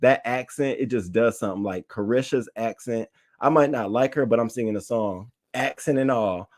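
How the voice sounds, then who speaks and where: A man giving casual, slangy news commentary to his chat, animated and reading tweets aloud. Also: medium pitch, normal speed. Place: home setup, talking to chat.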